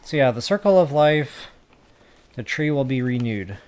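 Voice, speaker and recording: A man giving casual gameplay commentary for a building tutorial, chatty and self-mocking as he thinks out loud. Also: medium pitch, lively intonation, normal speed. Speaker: gaming tutorial creator.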